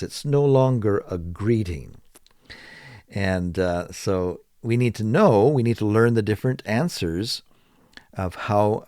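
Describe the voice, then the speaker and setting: A man teaching English. He talks slowly and deliberately, repeats phrases for learners and acts out sample answers. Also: fairly low pitch, darkish tone, dry recording, clean studio sound.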